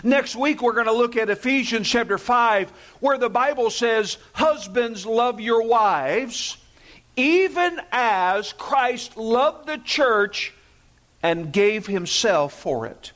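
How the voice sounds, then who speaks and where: A man's voice: very high voice, expressive, slow pace, a bit bright. A man preaching a sermon as pastor, emphatic, repeating key phrases and asking the congregation to say words with him.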